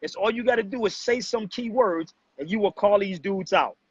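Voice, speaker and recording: Husky, high-voiced man on a lo-fi stream. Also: normal speed, no room sound. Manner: preachy, confrontational, addresses chat as family. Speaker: livestream host. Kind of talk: casual livestream talk to viewers. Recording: dull, muffled lo-fi livestream audio.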